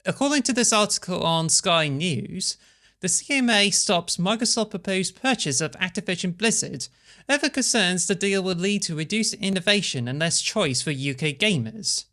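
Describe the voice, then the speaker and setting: A man hosting a podcast, chatting casually and reading news articles aloud in a measured way. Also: sits high, lively intonation, pushed and bright. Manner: measured, reads articles aloud, segues between topics. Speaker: podcast host.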